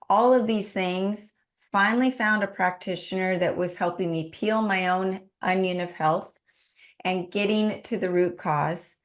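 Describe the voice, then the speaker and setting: A woman in her forties, a podcast guest, telling a personal story in an earnest, heartfelt way. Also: lowish voice. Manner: earnest, heartfelt, lists things in a steady run. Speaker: podcast guest, business owner.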